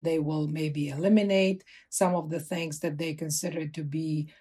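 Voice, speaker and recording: A woman, a subtitling company executive, explaining things in a measured way in an interview. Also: low-pitched, steady tone, dark tone, husky.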